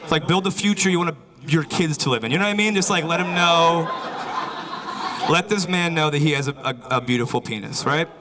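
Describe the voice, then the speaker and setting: A male comedian working a live room, his voice sitting a bit high for a man. He rambles loosely and leans on filler phrases. A live audience is clearly heard laughing along. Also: fairly quick, rough recording. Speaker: stand-up comedian. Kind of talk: stand-up comedy set. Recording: live crowd audible.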